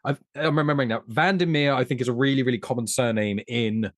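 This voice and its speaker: A man's voice: medium pitch, quick pace, no echo. Man, mid-range voice, earnest long-winded film talk, dry sound. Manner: earnest, analytical, rambles on at length. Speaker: podcast co-host. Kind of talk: casual film discussion.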